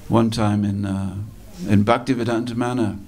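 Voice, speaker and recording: A man giving a storytelling sermon at a temple, slow and dramatic, repeating phrases for effect. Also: fairly low pitch, fairly even intonation, darkish tone. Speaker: speaker at a temple festival. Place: temple hall.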